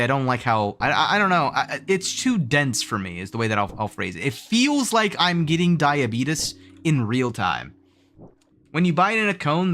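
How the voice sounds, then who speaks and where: A man's voice: a little high, fairly bright tone. A man streaming live, chatting casually with his viewers in a rambling way, full of restarts and fillers. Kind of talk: casual livestream chat with viewers.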